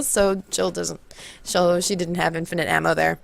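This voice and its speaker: A young woman telling a story in a casual vlog, excited and rambling, often backtracking to fix the order of events. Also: fairly low pitch, fairly quick, creaky, dry recording. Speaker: vlogger.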